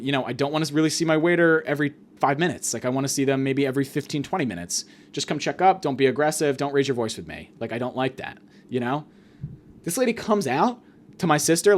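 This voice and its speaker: Guy ranting on his podcast, rambling and exasperated, cussing, voice bouncing all over. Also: fairly high pitch. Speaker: podcast host. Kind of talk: comedic rant monologue.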